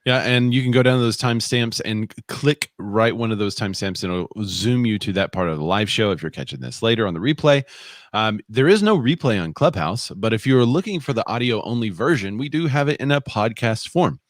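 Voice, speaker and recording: A man's voice: mid-range voice, lively intonation, fairly quick, dry recording. A man co-hosting a live real estate show, chatting casually and reading viewer comments aloud. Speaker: podcast co-host.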